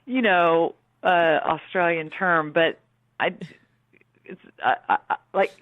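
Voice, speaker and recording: A woman's voice: on the low side, fairly even intonation, takes it slowly, no echo. Chatty American woman on a phone line. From United States. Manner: chatty, laughing, acts out quotes. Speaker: actress guest. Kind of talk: casual interview chat.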